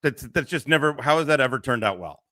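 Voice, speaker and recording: A man's voice: mid-range voice, expressive, fast, sharp tone, no room sound. A middle-aged man hosting a casual livestream, rambling, swearing and laughing often into a close mic. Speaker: livestream host.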